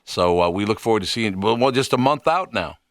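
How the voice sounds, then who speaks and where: Deep-voiced male radio host. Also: animated, a little fast, no room sound, studio quality. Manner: conversational, restarts often. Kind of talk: morning radio interview.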